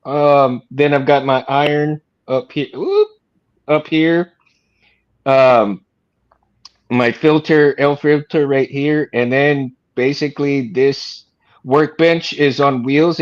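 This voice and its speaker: Slow, hesitant man on a muffled call. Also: medium pitch. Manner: hesitant, many fillers. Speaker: lightsaber maker. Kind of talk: casual livestream chat. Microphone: video call.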